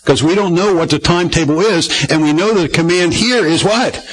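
Husky-voiced man preaching. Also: on the high side, normal speed, low-quality recording. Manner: folksy, asks the congregation questions. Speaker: pastor. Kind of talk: conversational Bible-study sermon.

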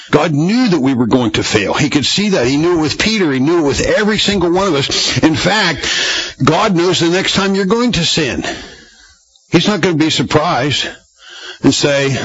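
A man's voice: fairly high pitch, animated, moderate pace, fairly bright tone, breathy edge, dull audio. A man preaching a sermon in a church, talking conversationally to his congregation and often restarting phrases. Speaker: pastor.

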